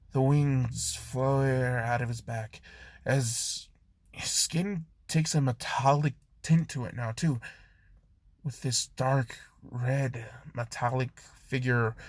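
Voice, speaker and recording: Man narrating fan fiction, unhurried, casual and filler-heavy, mid-pitched voice. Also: darkish tone, no room sound. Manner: loose, rambling, many fillers, self-correcting. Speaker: storyteller. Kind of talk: improvised fan story narration.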